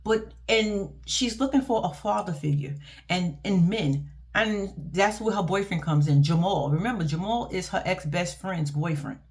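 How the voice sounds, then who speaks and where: A woman giving a casual, profane and animated reaction vlog about a reality TV show, speaking. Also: fairly low pitch, normal speed. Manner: blunt, profane, animated and laughing. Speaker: reality TV commentator.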